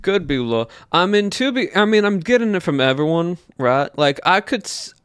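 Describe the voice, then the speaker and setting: A man's voice: high voice, sing-song, moderate pace, fairly bright tone, clear, resonant tone. Male streamer with a Southern drawl, chatty and musing aloud, clean close sound with no room echo. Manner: chatty, thinking aloud while polling chat. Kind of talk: casual livestream chat with viewers.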